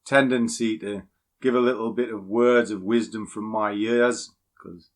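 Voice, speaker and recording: An older man who teaches trading speaks in a fairly low, fairly even, unhurried voice. He rambles bluntly in a casual, opinionated way before walking through a chart on screen.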